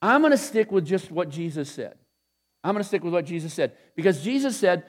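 A man's voice: high-pitched, sing-song, a little fast. A male pastor giving a sermon in a loose, conversational way, with many restarts and asides. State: tired after a short night.

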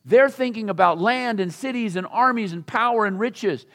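A man's voice: high voice, normal speed, fairly bright tone. A man preaching a sermon in a conversational storytelling way, acting out the voices of the people in the scripture he reads. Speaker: pastor.

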